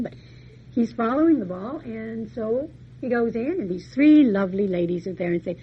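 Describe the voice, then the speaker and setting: A woman's voice: medium pitch, lively intonation, brisk. Folksy storytelling woman, muffled recording. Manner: chatty, folksy retelling with asides. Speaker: lecturer. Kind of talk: storytelling lecture. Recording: dull muffled recording, faint hiss.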